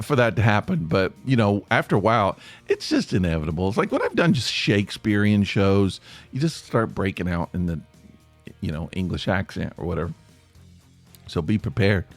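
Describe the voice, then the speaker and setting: Podcast host, male, East Tennessee Appalachian accent, low-pitched, chatty and rambling, dry close sound. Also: no room sound. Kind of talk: casual podcast monologue.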